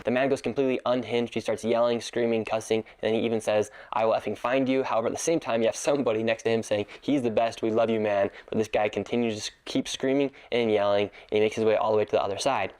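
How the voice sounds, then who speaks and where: Quick scripted voice-over, man with a lowish voice, earnest and indignant. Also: steady tone, darkish tone, smooth. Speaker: video creator narrating. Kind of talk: scripted narration.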